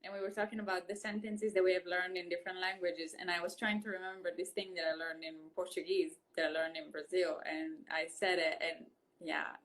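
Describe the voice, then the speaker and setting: A woman's voice: fairly low pitch, little pitch movement, brisk, a bit bright, low-quality recording. A woman with an Italian accent chatting casually on a phone live stream, laughing often and switching languages. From Italy. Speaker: host.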